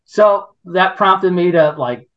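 A man hosting a podcast tells a story in an unhurried, drawn-out way. He sounds indignant and rambles, often breaking off and restarting his sentences. The recording is muffled and lo-fi. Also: high-pitched. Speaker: podcast host. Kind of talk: casual storytelling chat.

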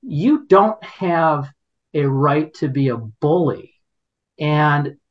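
A man hosting a podcast tells a story in an unhurried, drawn-out way. He sounds indignant and rambles, often breaking off and restarting his sentences. The recording is muffled and lo-fi. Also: on the high side, animated. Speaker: podcast host. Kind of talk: casual storytelling chat.

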